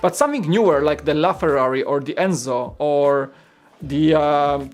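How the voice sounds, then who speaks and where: A man's voice: a little high, normal speed, faint music behind. A man from Poland, hosting a casual livestream and chatting rambly with viewers. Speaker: host.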